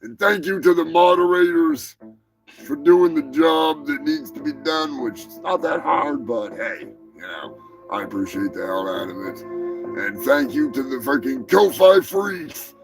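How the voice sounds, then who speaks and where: Stoned dude hosting a live show, slow gravelly rambling, lots of cussing, faint music behind. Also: male voice, on the high side, big pitch swings, poor audio. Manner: rambling, profane, laid-back. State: high. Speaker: host. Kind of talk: casual live-stream chat.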